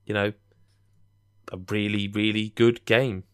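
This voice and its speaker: A man's voice: lowish voice, little pitch movement, measured pace, smooth, no room sound, studio quality. A young English man co-hosting a podcast, chatting casually and rambling with jokey asides. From England. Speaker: podcast co-host.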